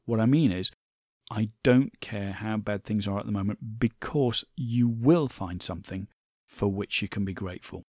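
Guy doing a solo podcast, earnest and thankful, mid pitch, bouncy intonation, dry close sound. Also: a little mellow, no room sound. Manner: earnest, thankful, reads listener reviews aloud; stumbles over names, chatty asides. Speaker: podcast host.

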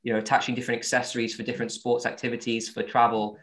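A man's voice: mid-range voice, little pitch movement, rapid-fire, fairly bright tone. A man with a Southern English accent, a company founder answering interview questions casually, with many fillers and restarts. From born in Virginia, raised with English accent.

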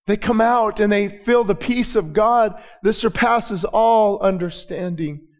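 A middle-aged male pastor preaching a sermon, moving from quiet storytelling to shouted, rising declarations. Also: sits high, steady tone, measured pace. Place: church sanctuary with balcony.

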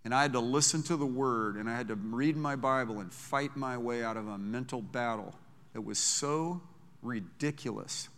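Man, pastor, sermon, bright tense voice, long church reverb. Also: mid-range voice, normal speed. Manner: impassioned preaching, swelling to loud emphatic peaks. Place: church sanctuary before a congregation.

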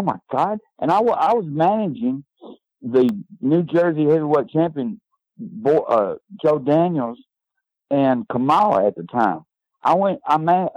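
An older man, a guest and former wrestling manager, telling lively anecdotes and often ending his lines with "man". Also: on the high side, no room sound, highs cut off.

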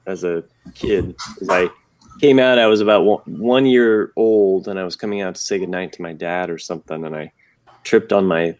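A man co-hosting a podcast, telling a personal story in a rambling, halting way with many restarts. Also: low voice, a little mellow. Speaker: podcast co-host. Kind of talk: casual chat.

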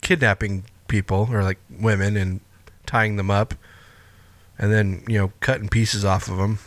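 A man's voice: fairly low pitch, little pitch movement, measured pace, no room sound. A man co-hosting a podcast, chatting loosely about a film, incredulous and freely swearing. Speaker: podcast co-host. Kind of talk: casual film review chat.

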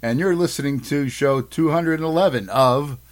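A man's voice: fairly high pitch, normal speed. Rambling man with a Boston accent. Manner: joking, rambling, self-mocking. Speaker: podcast host. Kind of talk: casual podcast chat.

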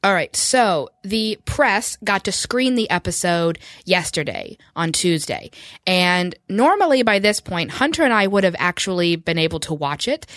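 A woman's voice: lowish voice, a bit bright, no echo, studio quality. A woman co-hosting a casual podcast, talking in a chatty, wry way and laughing often. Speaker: podcast co-host. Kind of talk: casual fan podcast chat.

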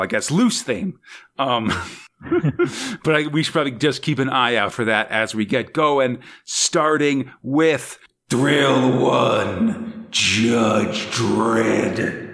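A man's voice: mid-range voice, a bit bright. A man hosting a casual podcast chat, rambling and hesitant, with lots of fillers and small laughs. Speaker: podcast host.

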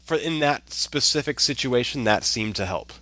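A man hosting a podcast, asking gentle, thoughtful questions. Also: mid-range voice, expressive, normal speed, no echo. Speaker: podcast host. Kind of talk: casual interview chat.

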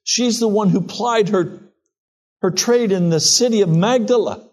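A male pastor preaches a sermon, reading scripture and retelling it in a slow, earnest, storytelling manner. His voice sits high.

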